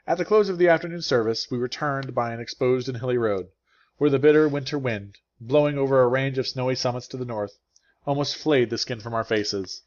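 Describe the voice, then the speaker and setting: A man's voice: medium pitch, brisk, dull audio. Man narrating an audiobook steadily. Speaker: English teacher reading a novel aloud.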